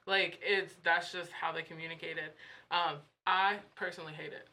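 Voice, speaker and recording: A woman's voice: low-pitched, fairly even intonation, normal speed, sharp tone. A woman in casual podcast chat, talking hesitantly with lots of fillers and restarts.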